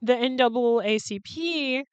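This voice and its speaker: A woman's voice: fairly high pitch, a little slow, smooth, no echo, highs cut off. A woman hosting a podcast in casual chat, candid and chatty, swearing freely and laughing between sentences. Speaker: podcast host.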